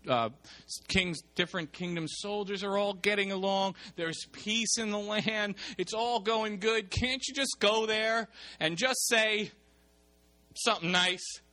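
A man's voice: high voice, unhurried, pushed and bright. A preacher voicing an anxious male royal messenger who begs a prophet to go along with the others. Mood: pleading. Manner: coaxing, exasperated.

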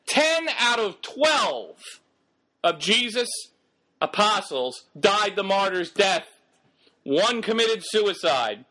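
High, bright-voiced preacher exhorting. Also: male voice, big pitch swings, slow pace. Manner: emphatic, exhorting, rhetorical questions. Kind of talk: sermon.

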